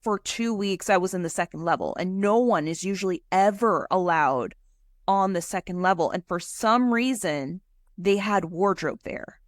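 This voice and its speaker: A woman guest on a podcast, telling a story in an animated, chatty way. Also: on the low side, normal speed, no room sound, studio quality.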